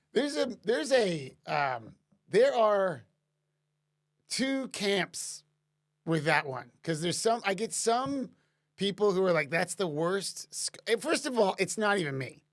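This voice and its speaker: Rambling man on a live stream. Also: high voice. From Canada. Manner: rambling, lots of fillers and restarts. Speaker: musician answering live-stream chat questions. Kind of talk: casual live-stream chat.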